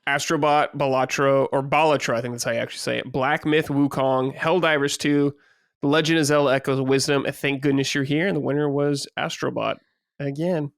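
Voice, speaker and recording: A man's voice: on the high side, steady tone, brisk, creaky, no room sound, clean studio sound. A man hosting a casual gaming podcast, easygoing, reading out award lists and laughing along with co-hosts.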